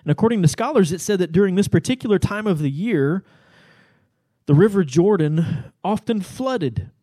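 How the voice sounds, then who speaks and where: A man's voice: high voice, animated, moderate pace, warm tone, no echo. Conversational man teaching a sermon. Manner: explanatory, conversational with fillers. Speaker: pastor.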